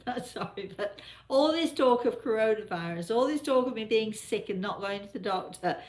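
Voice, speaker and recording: A woman's voice: a little high, lively intonation, moderate pace, darkish tone, echoey room. A woman with an English accent, hosting a casual live chat and laughing often. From England. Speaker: host.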